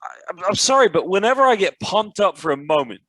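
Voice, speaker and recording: A man, podcast co-host and basketball commentator, excitable and cutting in often. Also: high voice, fast, no echo. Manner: excitable, cuts in, swears. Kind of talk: casual chat.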